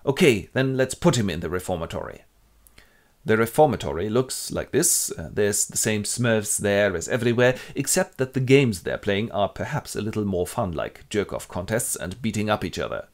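A man hosting a comic retelling of a classic play, with wry deadpan asides. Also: on the low side, moderate pace, few pauses. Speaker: host.

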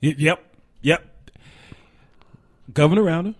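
Male preacher-host, lively storyteller, dry studio sound. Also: on the high side, unhurried, slightly rough, no echo. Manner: animated storyteller, laughs often. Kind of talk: casual talk show storytelling.

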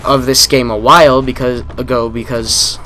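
A man's voice: medium pitch, little pitch movement, normal speed, bright, forceful tone, faint music behind. A man hosting a gaming channel, giving live commentary on a shooter match in a frustrated, ranting manner full of swearing. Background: game gunfire.

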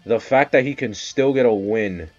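A man streaming casual live commentary on a game match, excitable and swearing, bursting into loud shouts. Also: mid-range voice, normal speed, muffled recording, soft background music.

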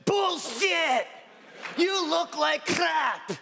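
A man on stage putting on the voice of a blunt, feisty eighty-year-old woman patient, raised high and scolding. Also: animated, measured pace, a bit bright, slight background noise, exaggerated voice.

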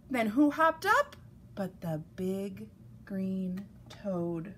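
A woman reading a children's picture book aloud, in an expressive, animated way. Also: mid-range voice, drawn-out words, slightly rough. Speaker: storyteller.

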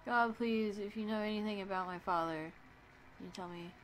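Woman, let's play gamer, casual commentary, playful, sarcastic, middle pitch. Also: brisk, slight background noise. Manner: playful, sarcastic, reads dialogue options aloud.

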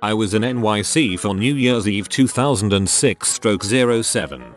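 A man narrating reader-submitted stories as scripted narration, reading aloud with a lively, animated delivery. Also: lowish voice, normal speed, soft background music.

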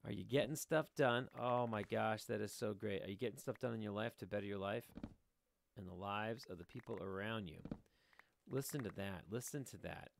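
A man's voice: on the low side, moderate pace, gravelly, a little hiss or hum. A middle-aged man giving casual, rambling let's-play commentary from a room at home, joking and talking to his viewers as he plays. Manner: rambling, jokey, talks to viewers while playing. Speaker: gaming video host.

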